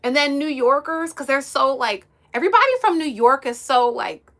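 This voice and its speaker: A young woman from the US East Coast chats on her livestream, reading out viewer comments. Her voice is bright and a little high, and she giggles often between easygoing remarks. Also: animated, moderate pace. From United States, East Coast. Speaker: livestream host.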